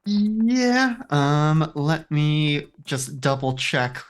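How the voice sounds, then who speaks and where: Slow, hesitant player thinking aloud. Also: mid-range voice, faint music behind. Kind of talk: casual game chat.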